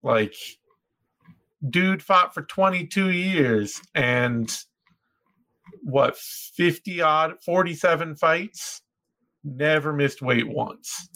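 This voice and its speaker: A young man co-hosting a podcast, talking in quick, excited, rambling bursts. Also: on the high side, vocal fry. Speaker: podcast co-host. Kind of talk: casual podcast chat.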